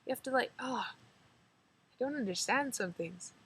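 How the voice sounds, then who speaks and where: A woman's voice: fairly high pitch, lively intonation, measured pace, a bit bright, slight background noise, rough recording. A teenage girl with a slight rural drawl, chatting casually to her camera in a rambling, giggly way, full of "like". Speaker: vlogger.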